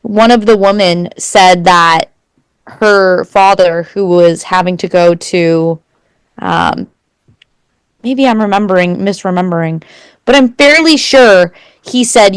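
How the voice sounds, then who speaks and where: A young woman in her twenties chats casually on a podcast, rambling through her stories with plenty of fillers. Her voice is smooth and clear, at a mid pitch, over a dry close mic. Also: measured pace, dry recording. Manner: casual, rambling, full of likes and ums. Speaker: podcast co-host. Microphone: remote call mic.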